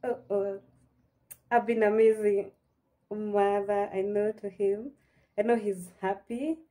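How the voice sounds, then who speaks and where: A woman's voice: medium pitch, steady tone, slow pace, dark tone. A woman with a Kenyan accent chatting to her viewers in a casual, heartfelt vlog, dropping in Swahili phrases. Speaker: vlogger. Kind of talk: casual chat to camera.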